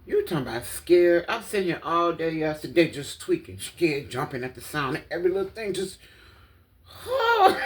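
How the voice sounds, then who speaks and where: A woman, telling a casual, animated story in a vlog from her apartment, swearing, laughing and exclaiming dramatically. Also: sits low, moderate pace. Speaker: vlogger.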